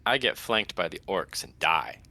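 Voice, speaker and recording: A man's voice: low-pitched, animated, normal speed, sharp tone. A man playing in a tabletop game, joking around with crude quips. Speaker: player. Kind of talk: casual chat.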